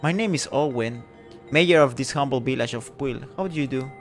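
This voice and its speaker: A man voicing a flustered woman village mayor who sounds fretful, prim and high-strung. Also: a little fast, soft background music, natural voice.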